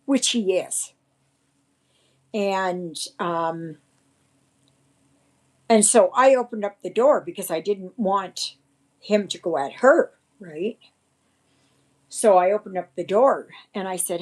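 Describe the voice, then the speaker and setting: A woman chats on her own livestream in a rambling, shaken way. Her pace is slow and drawn out, her pitch sits in the middle, and she sounds indignant. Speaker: livestream host. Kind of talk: casual livestream chat.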